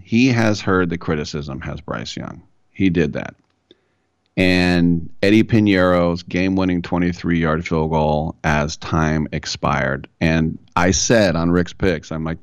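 A man's voice: low-pitched, dry recording, lo-fi sound. A man hosting a solo sports talk show, casual and opinionated with wry asides. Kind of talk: solo sports radio monologue.

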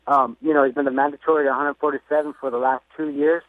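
A man's voice: a little high, level tone, quick pace, no room sound. A man, a boxer, called in as a phone guest, talking hesitantly with lots of ums and uhs. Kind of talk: phone interview. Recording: tinny phone line.

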